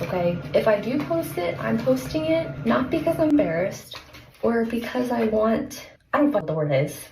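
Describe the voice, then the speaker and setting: A woman's voice: mid-range voice, noisy background. A young woman filming a confessional vlog, anxious and close to tears as she talks to the camera. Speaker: vlogger. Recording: echoey room, faint ambience.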